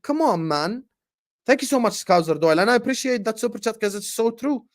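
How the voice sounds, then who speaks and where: A man hosting a fan livestream in an animated, fired-up rant, his voice sitting a little higher than most men's. He talks passionately to his chat and stumbles over repeated words when he gets going. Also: fairly quick. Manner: passionate, fired-up, shouting out viewers. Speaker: football fan channel host.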